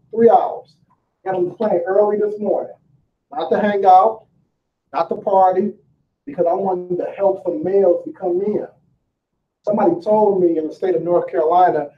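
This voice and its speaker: A man delivers a fiery motivational talk to a room full of listeners, his rather high voice driving home each point with rhetorical questions and loose, casual phrasing. He is caught from a distance in an echoing room. The sound is dull, with faint ambient noise underneath. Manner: emphatic and preachy, with rhetorical questions to the crowd; colloquial, casual street phrasing. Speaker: motivational speaker. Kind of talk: motivational speech to a live room. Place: large room with a live audience.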